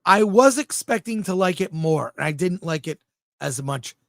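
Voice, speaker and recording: A man's voice: high-pitched, lively intonation, normal speed, vocal fry, dry recording. A man co-hosting a casual livestream film review show, blunt and jokey, reading viewer comments aloud. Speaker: film critic co-host.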